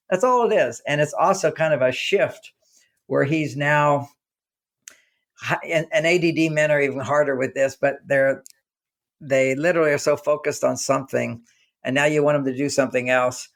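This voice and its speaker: A male author chatting as an interview guest, telling lively stories and slipping into the voices of the people in them. His voice has a gravelly, creaky texture at a middle pitch, and his talk rambles with frequent restarts. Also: moderate pace. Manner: animated storyteller acting out quoted dialogue.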